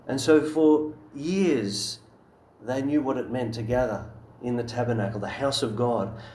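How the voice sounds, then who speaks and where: A man's voice: medium pitch, unhurried, darkish tone, a little hiss or hum. Earnest preacher man in an echoey hall. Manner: earnest, emphatic preaching with rhetorical questions. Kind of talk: sermon.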